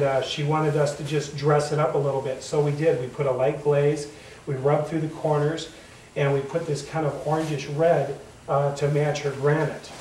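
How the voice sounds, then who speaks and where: A man's voice: fairly high pitch, distant mic, background noise. A man, a wood finishing contractor, walks through finish samples in a plain-spoken, enthusiastic demonstration with many filler sounds. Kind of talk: casual product demonstration. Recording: echoey room, voice off-mic.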